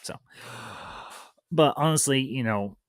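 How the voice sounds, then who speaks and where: A man's voice: medium pitch, slow, no echo. A man hosting a live-stream review, chatting loosely with fillers and greeting viewers in the chat. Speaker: livestream host reviewing a series.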